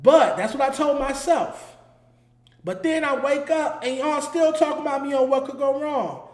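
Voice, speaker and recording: A man's voice: very high-pitched, moderate pace, roomy sound. A man hosting his own commentary show, talking in a heated, emphatic way and hammering his points home through repetition. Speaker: host. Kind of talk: solo commentary.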